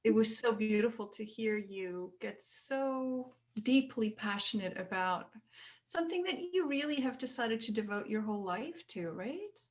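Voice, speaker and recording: A woman with a slightly high voice co-hosts a relaxed spiritual talk show. She speaks affectionately and steers the chat with gentle questions. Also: unhurried, slight background noise, rough recording. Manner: warm, affectionate, asking guiding questions. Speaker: podcast co-host.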